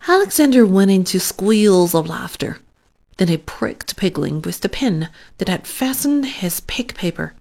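A woman reading a children's story aloud in a gentle, unhurried way. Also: medium pitch.

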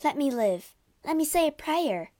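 A woman voicing a gentle, innocent young wife with a soft, quavering, pleading voice in a storybook reading. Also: fairly high pitch, lively intonation, normal speed, close to an everyday voice.

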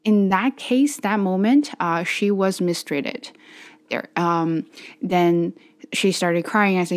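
A woman's voice: on the low side, slow pace. A young adult woman telling a personal story for her vlog, candid and wordy, with many restarts and fillers. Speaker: vlogger.

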